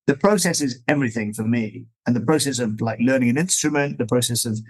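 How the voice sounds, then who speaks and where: A man's voice: mid-range voice, fast talker, low-quality recording. A middle-aged man, a dog trainer, talking as an interview guest in a rambling, easygoing, explanatory way. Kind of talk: conversational interview.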